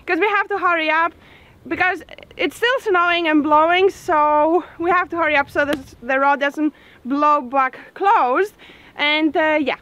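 A woman's voice: extremely high pitch, sharp tone, rough recording. A woman in her twenties vlogging outdoors on a snowy farm, chatty and upbeat, raising her voice over strong wind. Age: 20s. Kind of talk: casual vlog talk to camera. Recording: wind noise on camera mic. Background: wind noise.

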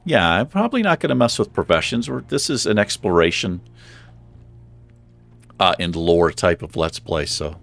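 A man's voice: deep voice, lively intonation, normal speed, vocal fry, a bit bright, faint music behind. A man hosting a let's play, chatting casually and thinking aloud with a self-deprecating streak as he plays. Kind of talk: casual gameplay commentary.

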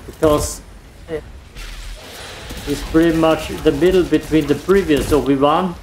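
A man's voice: on the high side, steady tone, measured pace, darkish tone, slight background noise. A man giving casual, self-mocking commentary while he plays a video game. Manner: dry, self-mocking remarks while playing. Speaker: gameplay streamer. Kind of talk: casual let's play commentary.

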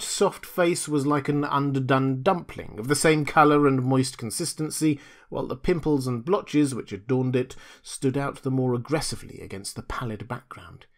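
A male narrator reads a classic short story aloud at a measured pace. His pitch sits in the middle range, and he colours the descriptions expressively. Each sentence is clearly told. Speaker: audiobook narrator.

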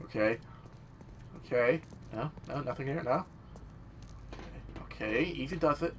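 A young man giving casual, rambling let's-play commentary, excitable and swearing often. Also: medium pitch, normal speed, pauses often, a little hiss or hum. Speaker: gameplay commentator.

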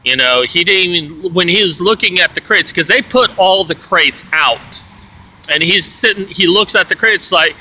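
A man's voice: high-pitched, moderate pace, sharp tone, low-quality recording. A man telling an aggrieved story in a rambling, casual rant, full of "you know"s. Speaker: vlogger.

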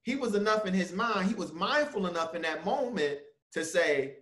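A man hosting a webinar, chatting casually and getting animated as he builds his point. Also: sits high, normal speed. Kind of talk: casual discussion. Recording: roomy video call audio.

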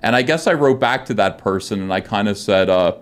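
A middle-aged man with a fairly low voice tells his story as a podcast interview guest. He rambles and fills gaps with "uh," and he plays out the lines of others in his own voice. The sound is a close studio microphone. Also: lively intonation, brisk, smooth. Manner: rambling, frequent "uh" fillers, acts out quoted dialogue. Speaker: guest comic artist.

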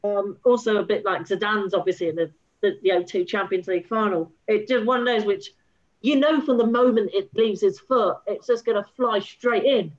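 A woman talking football on a video call, halting and restarting often, heard through lo-fi call audio. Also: mid-range voice. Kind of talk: casual football chat over a video call.

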